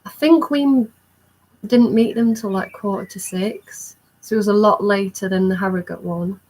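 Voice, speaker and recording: Young woman, chatty vlogger, recounts a story with breathless excitement. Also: mid-range voice, normal speed, poor audio. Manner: excited, rambling recounting with many fillers. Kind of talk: storytime vlog.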